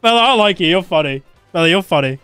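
A young man streaming a game live, excitable and foul-mouthed, reacting loudly and laughing often. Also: fast, clean tone, faint music behind. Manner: excitable, swearing, laughing often, jumps up and down in pitch.

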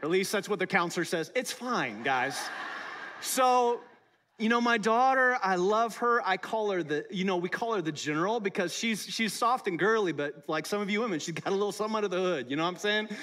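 A middle-aged male pastor with a high, light voice, preaching in a relaxed, conversational way. He jokes with the congregation and keeps asking them questions. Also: brisk. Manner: conversational, playful, talks to the congregation. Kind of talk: sermon. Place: church service.

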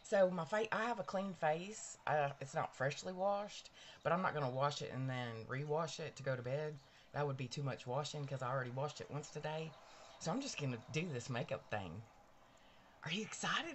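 Streaming live from her bedroom, a bubbly, chatty woman greets viewers by name. Her low voice has lively intonation and a moderate pace, with slight background noise.

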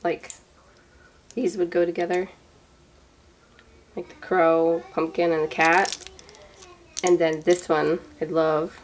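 Woman, 30s, lower-pitched, chatty unboxing vlogger, rambling and gushing; light background hiss. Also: flat delivery, slow, pauses often, poor audio. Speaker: vlogger showing a gift box. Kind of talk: casual show-and-tell unboxing.

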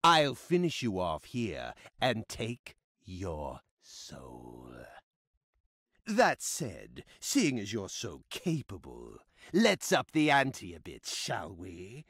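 An actor playing a gloating, menacing villain in a horror video game, speaking slowly and theatrically. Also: male voice, fairly low pitch, wildly swooping pitch, a bit bright, husky, no room sound, clean studio sound, heavily acted.

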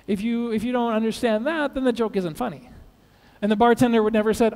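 At a teachers' conference, a man with an extremely high, darkish voice speaks quickly, telling jokes and playfully quizzing the audience. The large conference hall gives the recording a long reverb.

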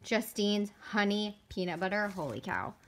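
A young woman in her twenties vlogging casually at home, gushing and gasping with excitement as she unboxes a gift. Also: medium pitch, moderate pace, a little hiss or hum. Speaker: fitness vlogger. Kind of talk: casual vlog.

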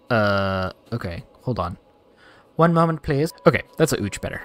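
A man giving excitable let's-play commentary, talking straight to his viewers and ranting playfully. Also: mid-range voice, measured pace, soft background music. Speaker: gaming video creator.

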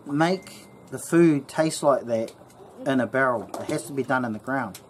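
A man puts on a stubborn uncle in his sixties with a New Zealand accent, incredulous and insistent, repeating himself over and over. He sits at a middling pitch, neither high nor low. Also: normal speed, a little hiss or hum, lightly acted. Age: 60s. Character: stubborn old uncle, lifelong pit cook.

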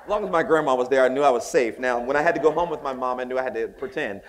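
A man from the Southern United States giving a conference keynote, telling stories in an animated, joking way with acted voices. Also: mid-range voice, very fast, noisy background. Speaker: keynote speaker. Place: conference hall.

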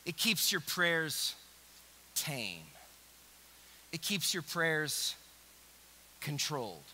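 A man preaching a sermon as pastor, dropping to a hushed near-whisper and rising to loud, urgent exhortation, in a church. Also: fairly high pitch, very animated, extremely slow, long pauses, a little hiss or hum, rough recording. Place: church sanctuary.

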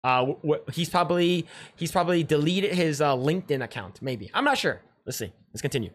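A man's voice: fairly high pitch, animated, brisk, fairly bright tone, slight background noise. A man hosting a livestream, reacting to a clip in rambling, sarcastic casual chat with frequent restarts and swearing.

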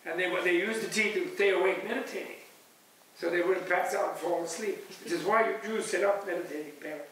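A man giving a spiritual teacher's closing talk at a retreat. He speaks in an animated, digressive way, often chuckling. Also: high-pitched, fairly quick. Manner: animated and digressive, chuckling, acting out voices of others. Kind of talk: discursive spiritual lecture. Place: large echoey hall at a retreat center. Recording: echoey, distant room recording with faint hiss.

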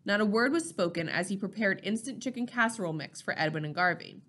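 A woman narrating a novel chapter in a steady, measured reading voice. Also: mid-range voice. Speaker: audiobook reader.

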